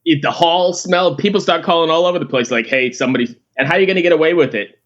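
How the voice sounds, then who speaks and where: A man hosting a casual podcast, relaxed and quick to laugh and agree. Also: on the high side, highs cut off. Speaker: podcast host. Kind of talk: casual chat.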